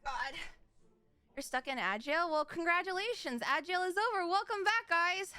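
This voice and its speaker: A woman's voice: very high-pitched, lively intonation, moderate pace, bright, forceful tone, no room sound. A woman hosting her live stream, chatty, giggly and a bit scattered as she welcomes guests. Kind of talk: casual live-stream chat.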